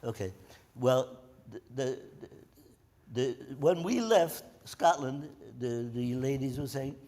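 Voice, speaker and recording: Older veteran storyteller, animated pitch, restarts a lot, echo of a large hall. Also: male voice, a little slow. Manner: animated, acts out voices in anecdotes; frequent repeated starts. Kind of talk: oral history storytelling. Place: presidential library, indoors. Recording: reverberant hall.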